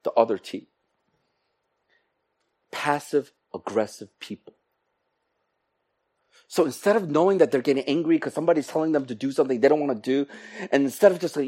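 Animated male preacher acting out scenes. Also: on the high side, normal speed, pauses often, slightly rough. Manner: animated, acts out quoted exchanges. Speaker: pastor. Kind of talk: sermon.

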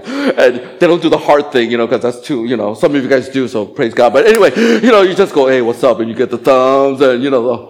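A middle-aged male pastor preaching a sermon, animated and joking, acting out little voices. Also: mid-range voice, a little fast, few pauses. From Asian family background. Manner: animated, acts out voices and jokes.

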